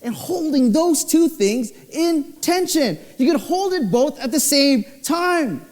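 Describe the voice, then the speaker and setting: A young male pastor preaches in an unhurried, deliberate way, his fairly high voice leaping up and down as he tells stories. The sound carries a long church-hall reverb behind it. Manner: expressive storytelling, voice swinging low and high. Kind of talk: sermon.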